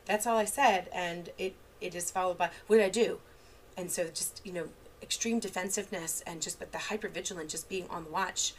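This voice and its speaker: A woman therapist gives an unscripted online training in a lowish voice, talking fairly quickly with few pauses. Her casual lecture is full of fillers and restarts and draws on examples from her own parenting, with slight background noise.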